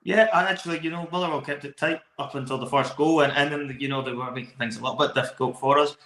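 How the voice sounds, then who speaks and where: A man's voice: fairly high pitch, fairly even intonation, quick pace, a bit bright. A man with a Scottish accent co-hosting a football podcast, giving long, enthusiastic match analysis. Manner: talkative, enthusiastic, long flowing takes. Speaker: podcast co-host. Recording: roomy echo.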